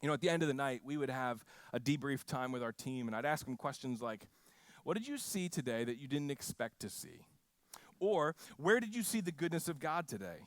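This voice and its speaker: A man preaching a sermon, telling a mission story with frequent restarts and lively quoted voices. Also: medium pitch, brisk, dry recording. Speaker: pastor.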